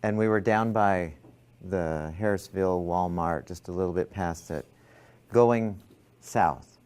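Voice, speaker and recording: A man's voice: low voice, measured pace, a little mellow, smooth. A man lecturing a class, telling a personal story and acting out his own thoughts.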